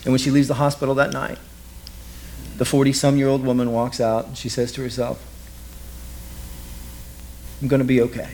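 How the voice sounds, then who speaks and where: A man's voice: mid-range voice, little pitch movement, fairly quick, darkish tone, a little hiss or hum. A man preaching a sermon as vivid present-tense stories, repeating key lines. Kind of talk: dramatic storytelling sermon.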